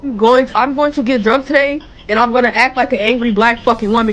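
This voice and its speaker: A woman ranting loudly and furiously, full of swearing, in a social media video. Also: fairly high pitch, steady tone, fast, hardly any pauses, slight background noise, poor audio. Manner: loud, profane, furious.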